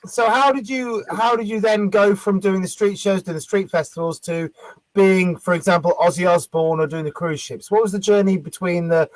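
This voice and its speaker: A man's voice: high-pitched, dry recording, low-quality recording. A man hosting a casual video-call interview, asking probing follow-up questions. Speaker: host.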